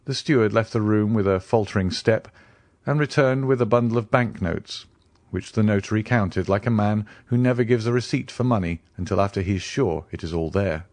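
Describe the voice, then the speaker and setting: A man narrating a classic novel as an audiobook, in a measured, expressive storytelling manner. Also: fairly low pitch, no room sound. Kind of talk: scripted narration.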